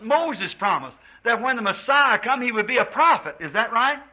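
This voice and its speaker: On a dull, lo-fi old sermon tape, an American pastor preaches fervently to a church congregation, drawing out quotes from scripture. His voice is very high and sing-song, husky, moving at a moderate pace with few pauses.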